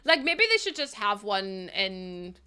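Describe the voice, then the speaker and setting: A woman's voice: medium pitch, very animated, a little slow, pushed and bright, clean tone. A woman streaming a game, chatting with viewers in a rambling, laughing way. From Ireland. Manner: rambling, chatty, laughs often, talks to chat. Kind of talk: casual livestream chat while playing.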